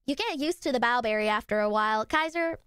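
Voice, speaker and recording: A young woman streamer chatting casually with her viewers, bubbly and quick to squeal and laugh. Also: a little high, fairly bright tone, clear, resonant tone, dry recording, clean studio sound.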